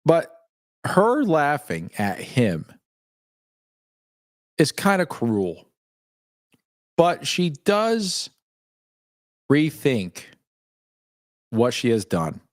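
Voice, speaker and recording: Chatty man with lively pitch. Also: no echo, studio quality. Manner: chatty, greets chat viewers by name, reads comments aloud; frequent laughs and fillers, candid. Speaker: host. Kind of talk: casual live-stream chat.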